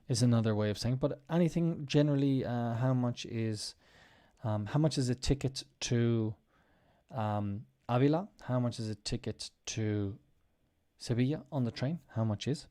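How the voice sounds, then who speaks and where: A podcast host teaches English in a casual spoken lesson, explaining patiently and repeating example phrases with strong intonation. His voice is medium-pitched and mellow, at a moderate pace.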